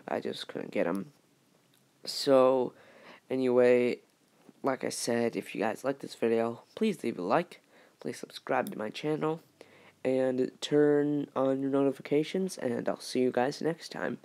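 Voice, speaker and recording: Halting man with a gravelly voice. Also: mid-range voice, a little mellow. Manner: halting, many fillers and restarts. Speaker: YouTuber. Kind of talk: casual fan-theory vlog.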